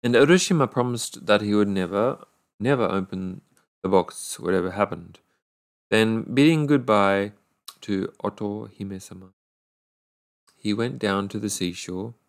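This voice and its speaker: A man reading a fairy tale aloud at an unhurried pace, often stumbling over words and restarting. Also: fairly low pitch, gravelly. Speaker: storyteller.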